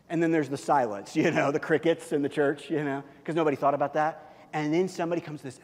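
High-voiced pastor preaching in a reverberant hall. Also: male voice, fast. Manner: conversational, animated storytelling with many fillers and repeats. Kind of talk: sermon.

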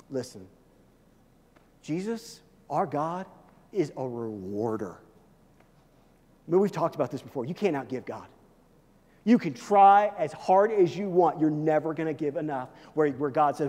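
A man preaching a sermon, switching from loud emphatic lines to hushed, intense ones, often repeating words as he drives a point home. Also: sits high, sing-song, normal speed. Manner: repeats words and restarts when stressing a point. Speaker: pastor. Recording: long hall reverb.

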